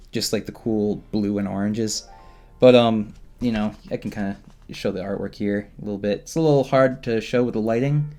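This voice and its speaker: A man's voice: lowish voice, a little mellow. A man giving an informal, rambling comic book review, laughing often and poking fun at himself. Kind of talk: informal discussion to camera.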